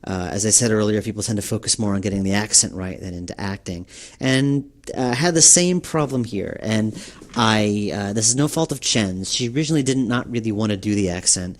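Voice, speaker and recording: Male dev commentary, lowish voice, rambling and hesitant. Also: fairly quick. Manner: rambling, hesitant, lots of fillers. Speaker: game developer giving commentary. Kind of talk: director's commentary.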